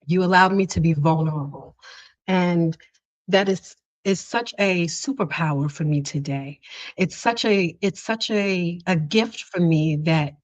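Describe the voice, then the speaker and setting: A woman hosting a podcast, speaking with earnest emotion, often restarting her sentences and breaking into soft laughs. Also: lowish voice, measured pace, highs cut off. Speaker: podcast host. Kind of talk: heartfelt podcast conversation.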